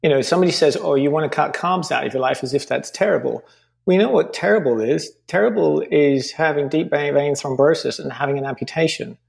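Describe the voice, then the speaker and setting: A man with a fairly high, gravelly voice makes his point with earnest conviction. He lays out figures one after another as a guest in a conversational podcast interview. His tone stays persuasive and focused throughout. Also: fairly quick. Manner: earnest, pitching with figures and examples. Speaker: podcast guest, company founder.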